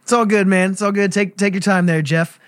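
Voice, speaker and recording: A man's voice: sits high, steady tone, a little fast, dry recording, clean studio sound. A man hosting a comedy podcast, easygoing and playing along with his drunk guests. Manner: laid-back, easygoing, plays along. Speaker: host.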